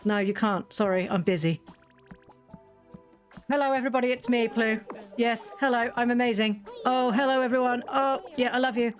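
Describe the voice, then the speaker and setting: Give me a chatty, teasing woman narrating her gameplay, with a high voice and faint music underneath. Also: moderate pace. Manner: chatty, teasing, scolds the game characters. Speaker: gaming video host. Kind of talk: casual let's-play chat.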